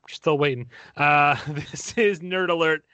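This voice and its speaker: A man's voice: on the high side, unhurried, pushed and bright, no room sound, muffled recording. Rambling, chuckling male podcast host. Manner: rambling, laughing, self-mocking. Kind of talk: casual chat.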